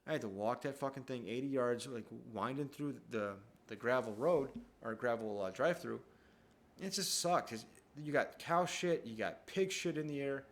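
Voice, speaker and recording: A man's voice: mid-range voice, moderate pace. Man, casual vlog monologue, swears a lot, rambling storyteller, recorded at home. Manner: profane, rambling, animated storyteller. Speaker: vlogger. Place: at home, downstairs.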